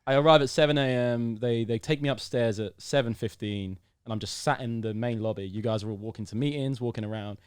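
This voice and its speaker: A man's voice: mid-range voice, brisk, few pauses, clean tone, no echo, clean studio sound. A young British man in his twenties, a podcast guest telling a story in casual conversation and acting out the dialogue. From United Kingdom. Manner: lively storyteller who acts out the dialogue.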